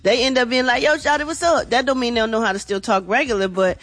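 A woman's voice: a little high, quick pace, fairly bright tone. Chatty woman radio gossip host. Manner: chatty, casual, addresses listeners as y'all. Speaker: entertainment news host. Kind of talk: radio morning show gossip segment.

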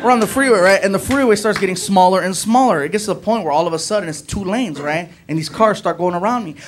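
A man telling a story on a comedy club stage, animated, acting out his friends' voices. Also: high-pitched, fast. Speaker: stand-up comedian. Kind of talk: stand-up storytelling. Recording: noisy live club recording.

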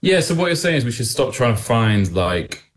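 A man's voice: mid-range voice, big pitch swings, moderate pace. A man with an English accent, a musician guest chatting casually and joking in a rambling way. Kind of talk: casual interview chat.

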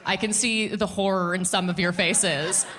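A woman in her thirties doing a stand-up comedy set on a club stage, animated and laughing at her own jokes as she talks to the crowd. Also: medium pitch, normal speed.

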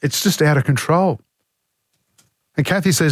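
An Australian man hosts talkback radio in a blunt, exasperated, opinionated manner. His voice sits a little high. The studio sound is dry and close. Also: a little slow, pauses often, dry recording. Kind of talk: talkback radio, taking calls and texts. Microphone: studio microphone.

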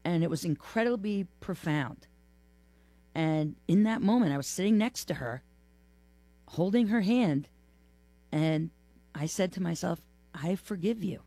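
Heartfelt, halting interview guest, dry sound. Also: medium pitch, animated, dark tone, no room sound. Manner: halting, heartfelt, pausing often. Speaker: memoir author, interview guest. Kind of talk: emotional studio interview. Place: studio.

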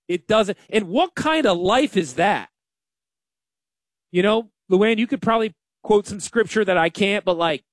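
Man, radio host, high voice, very lively pitch, joking and self-mocking. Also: dry recording. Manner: animated, self-deprecating, joking. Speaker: radio show host, financial advisor. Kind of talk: casual radio talk.

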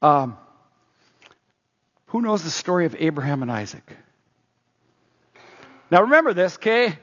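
A man preaching a sermon as pastor, animated, quoting scripture aloud. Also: a little high, unhurried, breathy edge. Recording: roomy hall, dull lo-fi sound.

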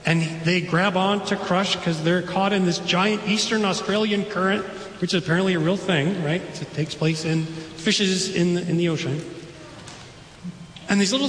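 A man's voice: sits high, a bit bright, a little hiss or hum. A man preaching a sermon as pastor, in a casual, enthusiastic way with chatty asides. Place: church sanctuary. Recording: echoey church hall.

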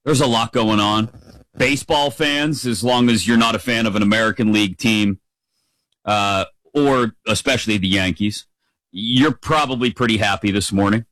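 A man's voice: lowish voice, normal speed, fairly bright tone, dry recording, low-quality recording. A middle-aged man hosting a sports talk radio show, upbeat and playful as he rambles through the day's news.

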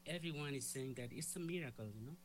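A man's voice: mid-range voice, fast, slight background noise, poor audio. A male correspondent reporting from the field, hesitant with many fillers. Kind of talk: news report.

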